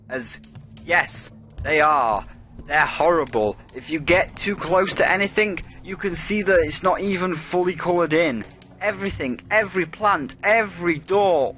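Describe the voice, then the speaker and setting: A man's voice: high-pitched, pushed and bright, slight background noise. Playful sarcastic male game reviewer. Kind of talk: scripted video game review.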